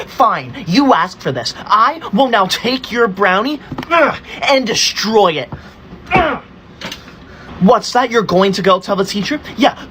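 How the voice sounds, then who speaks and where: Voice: mid-range voice, a bit bright. A performer acting out a spoiled schoolkid who lectures everyone in a haughty, mock-formal tone. The voice swoops up and down all the time. A faint hum of background noise sits under it. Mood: greedy, bratty. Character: bossy entitled schoolkid who bullies classmates. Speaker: content creator. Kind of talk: pov comedy skit.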